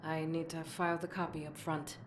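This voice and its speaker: Woman voicing a game mortuary assistant, hushed breathy delivery, lowish pitch, faint background hiss. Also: little pitch movement, fairly quick, natural voice. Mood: quiet. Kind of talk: game character voice line.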